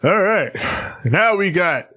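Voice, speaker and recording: A man's voice: sits high, animated, takes it slowly, sharp tone. A man co-hosting a casual wrestling recap show, joking loosely and laughing often between lines. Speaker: podcast co-host.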